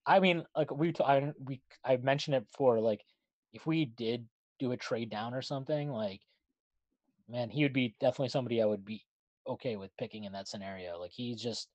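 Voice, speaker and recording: A man talks sports in a halting way, leaning on "like" and "uh" as he works through his thoughts. His voice sits at a middle pitch, and the sound is dry and close, with no room echo. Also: a little mellow. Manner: hesitant, full of "like" and "uh". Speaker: podcast co-host. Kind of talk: casual sports chat.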